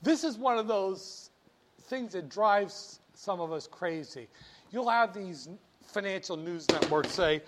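A male finance lecturer with a notably high-pitched voice, working a classroom. He keeps it animated, joking with and teasing students as he quizzes them. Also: takes it slowly.

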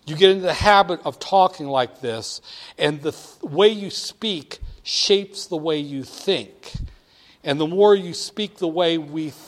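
Animated man lecturing a class. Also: on the high side, measured pace. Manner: animated, emphatic, swings between quiet and loud. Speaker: instructor.

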